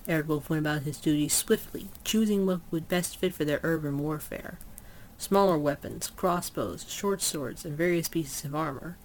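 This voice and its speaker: A storyteller reading a fantasy story aloud at an unhurried pace, with occasional small slips and self-corrections. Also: mid-range voice, slight background noise, low-quality recording.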